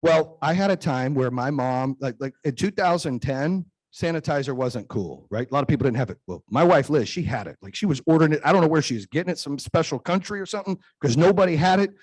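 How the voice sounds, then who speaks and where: A man's voice: on the high side, lively intonation, fast talker, few pauses, darkish tone, no echo. A man in his forties giving a motivational keynote speech, telling stories with emphasis and frequent "right?" tag questions. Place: event stage before a live audience.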